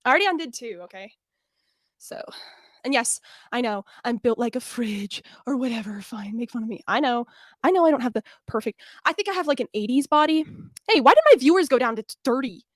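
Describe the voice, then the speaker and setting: A woman's voice: fairly high pitch, lively intonation, brisk, dry recording. Young female streamer, winded, brash, self-deprecating, dry sound. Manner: blunt, self-deprecating, laughing. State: out of breath. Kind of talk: casual chat.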